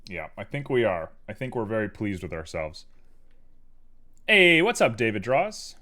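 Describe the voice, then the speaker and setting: A man with a low-pitched voice that swings widely up and down as he talks. He chats casually and goofily with his viewers while working on his art, joking around as he goes. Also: animated, moderate pace. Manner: playful and goofy, chatting with viewers. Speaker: live streamer doing 3D art.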